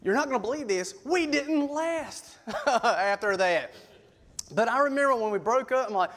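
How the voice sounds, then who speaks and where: A middle-aged man, a youth pastor telling folksy, animated stories in a sermon. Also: very high voice, normal speed. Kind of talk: sermon storytelling. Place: church sanctuary. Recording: long church reverb.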